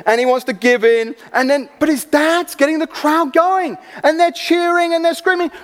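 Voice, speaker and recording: A man preaching a sermon, telling stories with animated energy and acting out the people in them. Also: very high-pitched, normal speed, few pauses, a little hiss or hum. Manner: animated storytelling, acting out voices. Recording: long hall reverb.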